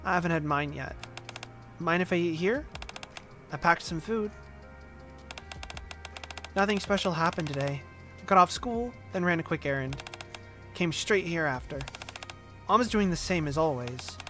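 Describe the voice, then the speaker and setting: A man's voice: expressive, measured pace, pauses often, fairly bright tone, faint music behind. A man voicing a young girl who talks to her injured father, his normal voice raised a little with an upward lilt. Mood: wistful. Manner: slightly raised pitch with upward inflection.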